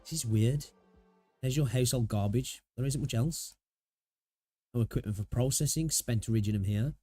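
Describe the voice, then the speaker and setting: A man's voice: mid-range voice, dark tone, breathy edge. A man hosting a gaming channel, reading a game story aloud with casual reactions.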